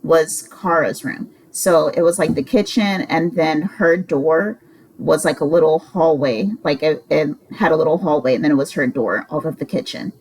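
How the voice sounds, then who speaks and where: A woman's voice: low voice, moderate pace, a little mellow, rough recording. A woman in her twenties telling a roommate story in a casual, rambling way, exasperated and swearing freely. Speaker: vlogger.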